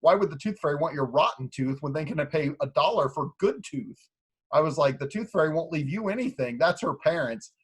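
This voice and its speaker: A man in his thirties hosting a podcast, chatting casually, telling animated stories and often breaking into laughter. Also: fairly high pitch, brisk, breathy edge. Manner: animated storyteller who laughs a lot. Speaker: podcast host.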